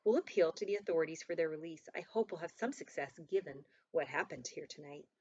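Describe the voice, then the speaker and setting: A grave priest in an audiobook speaks in a solemn, measured way, as a woman narrator voices him. His voice is low and subdued. The recording is dull and lo-fi. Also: a little mellow, breathy edge. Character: grave village priest bearing bad news.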